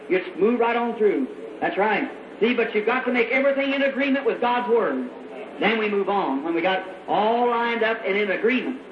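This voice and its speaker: A man's voice: very high voice, slight background noise. A man preaching a sermon in a fervent, folksy way, calling out to a church congregation. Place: church meeting hall. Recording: echoey, dull old hall recording.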